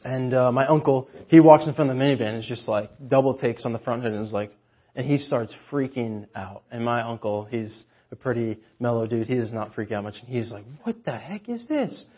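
A man preaching a sermon in a church chapel, telling a self-mocking story in a lively way with many fillers. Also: mid-range voice, fairly quick, breathy edge. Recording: dull lo-fi sermon recording.

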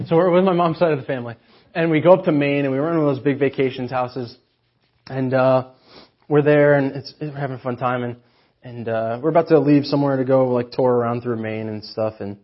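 A man preaching a sermon in a church chapel, telling a self-mocking story in a lively way with many fillers. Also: medium pitch. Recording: dull lo-fi sermon recording.

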